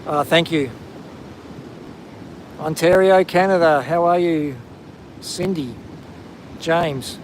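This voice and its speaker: The Australian host takes it slowly, leaving long pauses, his voice on the high side and steady in tone. He livestreams while walking on a windy coastal headland, chatting casually and greeting viewers by name, with poor audio showing a little hiss or hum.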